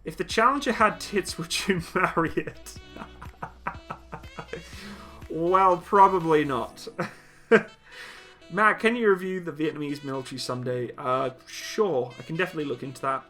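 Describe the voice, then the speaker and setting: Briskly reading out chat comments, a young British livestream host answers them bluntly and teases a little. His voice is a little high and pushed and bright, with faint music in the background.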